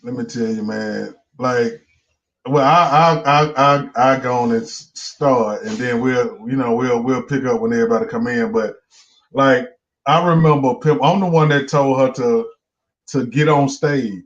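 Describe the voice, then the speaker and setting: A man's voice: medium pitch, unhurried. A man with a Southern accent, hosting and telling a rambling, profane story in a casual chat. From Georgia, US. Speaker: host, comedian. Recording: muffled lo-fi stream audio.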